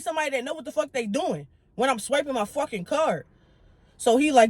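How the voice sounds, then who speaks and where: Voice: sits high, brisk, slightly rough, no room sound. A young adult storytime vlogger telling an irritated, profane story, playing out other people's lines along the way. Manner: heated, profane, animated retelling; acts out the quoted lines of others. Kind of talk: casual storytime rant.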